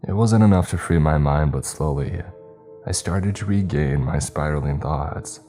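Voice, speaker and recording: A man reading a first-person horror story in a slow, measured, brooding way. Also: extremely low pitch, dark tone, faint music behind.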